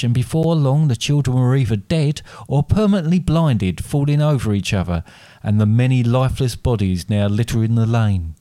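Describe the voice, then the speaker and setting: A man reading his own dark fairy tale aloud as a storyteller, with steady, deliberate narration, then chatting with his co-host. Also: fairly low pitch, dry recording, studio quality.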